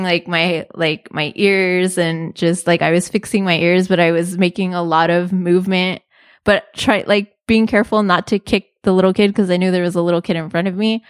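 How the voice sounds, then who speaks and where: A woman's voice: fairly low pitch, clean tone, no room sound, clean studio sound. A young woman telling a funny story in a casual, chatty way, with lots of "like" and laughter.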